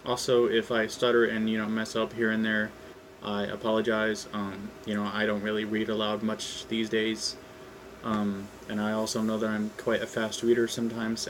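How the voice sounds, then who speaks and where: A man hosting his channel and reading his own fan script aloud casually, hesitant with many ums and throat clearings. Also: fairly low pitch, slight background noise, rough recording. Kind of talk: casual read-aloud narration.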